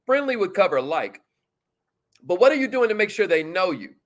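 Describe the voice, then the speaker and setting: A man teaching sales follow-up in a casual, energetic, slangy manner, talking straight to his viewers. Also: sits high, moderate pace. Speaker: sales coach. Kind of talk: motivational teaching talk.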